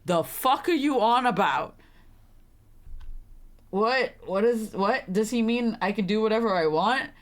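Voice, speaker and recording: A woman's voice: on the high side, expressive, measured pace, pauses often. A young woman streaming a story game, reading lines aloud and reacting with flustered, laughing commentary.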